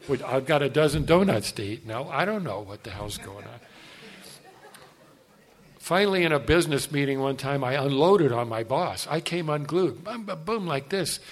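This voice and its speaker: Older male speaker sharing his testimony; animated, self-mocking storyteller who talks straight to the crowd. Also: a little high, normal speed. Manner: animated, self-deprecating, asides to the audience. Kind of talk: personal storytelling talk.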